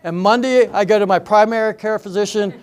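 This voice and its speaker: In a senior center hall, an older comedian with a high-pitched, clear, resonant voice does a stand-up routine for a live crowd at a fairly quick pace. He spins chatty stories and trades banter with the audience.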